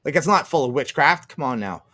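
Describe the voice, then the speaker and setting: A man's voice: medium pitch, animated, a little fast, sharp tone. A man ranting on a livestream, profane and sarcastic, laughing often and answering his chat. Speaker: streamer.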